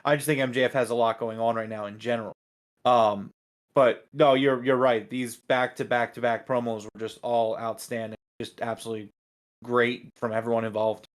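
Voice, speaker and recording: A man's voice: medium pitch, level tone, normal speed. A man co-hosting a podcast in casual chat, talking things through and often repeating words as he thinks. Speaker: podcast co-host.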